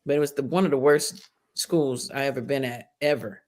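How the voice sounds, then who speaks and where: A schoolteacher woman telling stories in casual podcast chat, animated and profane, acting out the people she quotes. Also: a bass voice, moderate pace.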